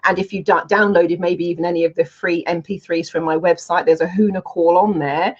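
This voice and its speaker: A woman's voice: on the low side, a little fast, slightly rough. A woman, a healing coach telling stories in a casual webinar talk and acting out the quoted speech. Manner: lively storytelling, acts out quoted speech. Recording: dull lo-fi sound.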